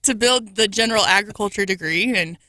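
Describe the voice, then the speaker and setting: Young Midwestern woman radio co-host, bright crisp voice, casual and amused, dry studio sound. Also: mid-range voice, a little fast, no echo. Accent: Midwestern American. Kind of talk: talk radio banter. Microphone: studio microphone.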